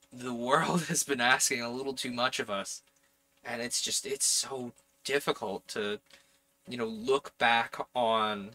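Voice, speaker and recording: A man's voice: mid-range voice, pushed and bright. A man narrating a solo tabletop role-playing game in a meandering, reflective way, speaking as "we" for his character. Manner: meandering, musing, first-person plural narration.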